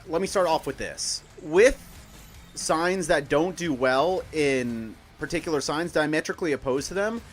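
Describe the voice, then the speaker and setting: A man casually explaining astrology on a stream, rambling with many fillers and restarts. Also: a little high. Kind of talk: casual explanatory chat while gaming.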